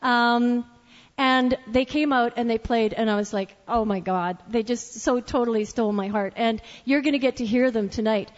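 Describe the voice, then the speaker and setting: A woman's voice: fairly high pitch, normal speed, in a large hall. A woman singer-songwriter hosting a live music night, chatting from the stage between songs with restarts and asides. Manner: chatty, warm-hearted stage patter with restarts. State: tearing up. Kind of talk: live singing and stage banter. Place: small live music venue. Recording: dull lo-fi live recording with guitar. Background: acoustic guitar.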